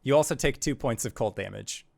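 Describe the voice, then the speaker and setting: A man's voice: mid-range voice, fairly quick, creaky, darkish tone. A man narrating as game master of a tabletop game, giving matter-of-fact rulings.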